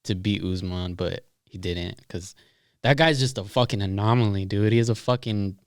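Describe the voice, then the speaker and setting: A young man co-hosting a podcast, telling a story in animated casual chat, swearing and laughing as he goes. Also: lowish voice, normal speed, smooth, no echo, studio quality. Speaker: podcast co-host.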